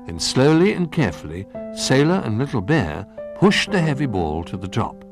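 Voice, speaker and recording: A man narrating a children's storybook in an expressive, lilting way. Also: medium pitch, normal speed, over music.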